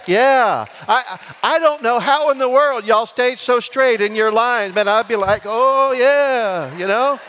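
High-voiced joking pastor. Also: male voice, unhurried, hardly any pauses. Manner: lively and joking, asks the congregation for responses. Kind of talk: sermon with jokes. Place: large church sanctuary. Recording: long church reverb.

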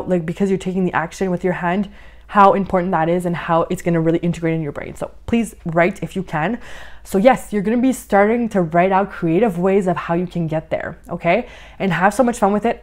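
A woman life coach talking through a podcast lesson in an encouraging way, often saying "like" and a little out of breath. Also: lowish voice. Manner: warm, encouraging, uses many "like" fillers. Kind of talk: podcast monologue, guided coaching.

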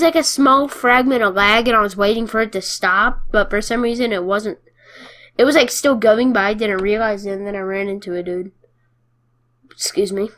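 This is casual, excitable gameplay commentary from a woman of medium pitch who stays playful throughout, celebrating wins and teasing the other players.

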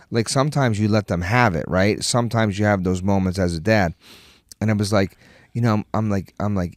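A man's voice: lowish voice, dry recording, clean studio sound. A man in casual podcast chat, telling a profane story with a lot of energy and acting out the lines he quotes.

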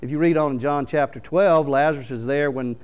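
A man, a pastor preaching a sermon in church, reading scripture aloud and explaining it with animated stories. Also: a little high, a little fast, clear, resonant tone, low-quality recording. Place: church sanctuary.

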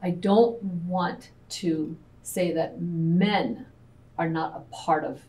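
A woman's voice: lowish voice, takes it slowly, a little mellow. A woman co-owner of a restaurant, sharing candid personal stories in a panel talk and acting out family dialogue. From United States. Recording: distant mic with faint background noise.

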